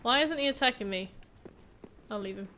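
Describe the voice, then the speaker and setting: A woman's voice: on the high side, normal speed, noisy background. A woman game streamer giving casual, rambling gameplay commentary and swearing now and then.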